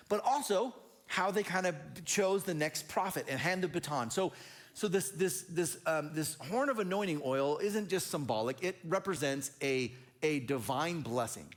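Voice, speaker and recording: Animated, high-voiced male pastor preaching. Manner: energetic, animated, repeats and restarts words. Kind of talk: sermon.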